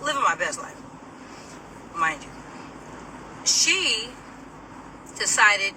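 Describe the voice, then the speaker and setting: A middle-aged woman telling a personal story to camera in a casual, animated, sassy way, laughing as she mimics people. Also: mid-range voice, extremely slow, pauses often, distant mic, background noise.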